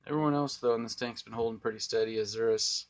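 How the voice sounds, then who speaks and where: Talking fast in a steady, medium-pitched voice, a young aquarium hobbyist gives a casual, rambling tour of the tanks in his home aquarium room. He's vlogging on a phone camera held in his own hand.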